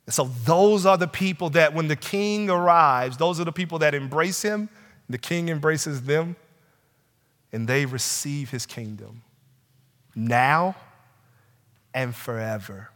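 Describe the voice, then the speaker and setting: Preaching man in an echoing church. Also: on the high side. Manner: swings from loud urgent pleading to hushed, slow, quiet passages. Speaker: pastor. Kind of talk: sermon. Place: church sanctuary. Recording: long hall reverb.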